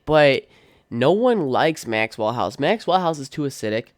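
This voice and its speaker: A man's voice: medium pitch, sing-song, moderate pace, no echo, clean studio sound. A young adult man hosting a podcast, ranting casually in a blunt, profane, opinionated way full of "like" and "um". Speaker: podcast host. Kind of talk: casual solo rant.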